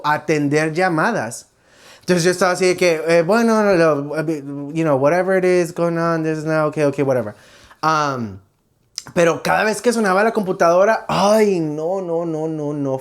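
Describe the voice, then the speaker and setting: Young adult bilingual vlogger, casual, animated storyteller. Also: medium pitch. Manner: animated and expressive, imitates ringing sounds. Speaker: vlogger host. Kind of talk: casual storytelling chat switching between Spanish and English.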